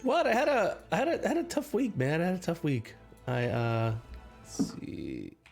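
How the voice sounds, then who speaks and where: A man's voice: a little high, huge pitch swings, vocal fry, darkish tone, faint music behind. Scattered male game master narrating. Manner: scattered, halting, lots of restarts. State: sick. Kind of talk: narrating a tabletop game on a live stream.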